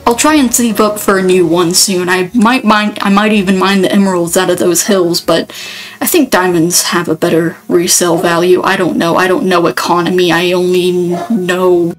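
A woman's voice: fairly low pitch, little pitch movement, moderate pace, soft background music, poor audio. A woman giving casual gameplay commentary, rambling and thinking aloud, often cutting herself off mid-sentence. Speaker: let's player.

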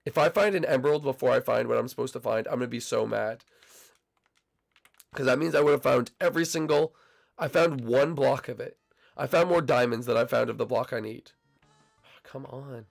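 A young man casually commenting on his gameplay, bantering and teasing his teammates, his voice still a little hoarse as it recovers. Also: medium pitch, moderate pace. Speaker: gaming channel host.

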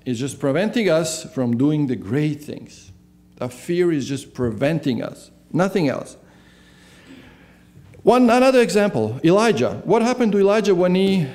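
A man's voice: a little high, warm tone. A man preaching a sermon as pastor in a church. He asks the congregation questions and then answers them himself. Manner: answers his own questions.

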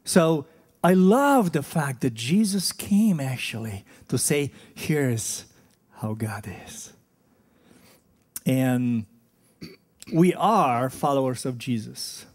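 Slow, earnest preaching man. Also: medium pitch, expressive, darkish tone. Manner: conversational, earnest preaching with frequent fillers. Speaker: pastor. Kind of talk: sermon. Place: church hall.

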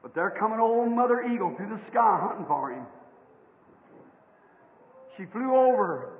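A man preaches with fervor in a very high voice, shifting from hushed storytelling to loud, shouted appeals. The sound is thin and phone-like, from an old archival recording. A long hall echo trails behind each phrase. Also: lively intonation, moderate pace. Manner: rises from low storytelling to shouted exhortation. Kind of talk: fervent sermon storytelling.

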